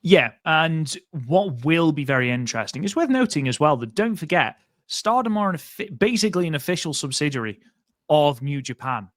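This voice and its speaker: A man's voice: fairly high pitch, expressive, normal speed, a bit bright, no echo, studio quality. A man co-hosting a casual podcast, chatty and rambling, with many fillers and restarts. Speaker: podcast co-host.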